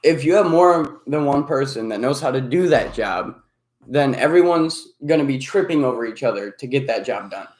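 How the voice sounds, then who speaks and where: A man's voice: medium pitch, animated, moderate pace, a little mellow, slight background noise. A man in casual podcast chat who talks hesitantly, with lots of fillers. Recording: echoey room.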